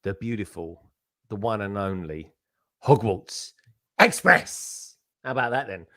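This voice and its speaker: A British man co-hosting a casual livestream, excitable and jokey, often tripping over his words. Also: on the low side, a little fast, dry recording, clean studio sound. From United Kingdom. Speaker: co-host.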